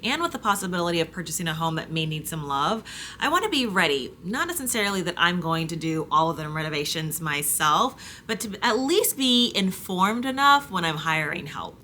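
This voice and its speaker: A woman talking casually to camera, chatty and rambling, with many fillers and restarts, her pitch jumping up when she gets animated. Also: slight background noise. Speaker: homesteading vlogger.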